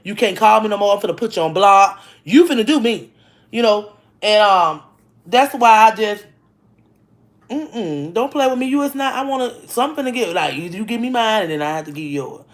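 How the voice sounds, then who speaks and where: A woman chats casually into her camera at home, spinning frank stories with a lot of laughter. Her delivery is lively and blunt, full of quick restarts, and her pitch sits in a middle register. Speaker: vlogger. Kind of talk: casual storytelling chat. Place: home, indoors.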